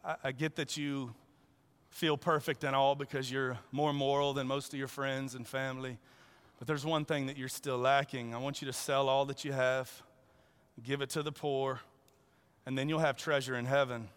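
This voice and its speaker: A man voicing a gentle, compassionate teacher, speaking softly and earnestly. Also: mid-range voice, level tone, clear, resonant tone, pitched below the performer's own voice, lightly acted. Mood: tender. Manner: soft, slow, earnest. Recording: long reverb in a large hall.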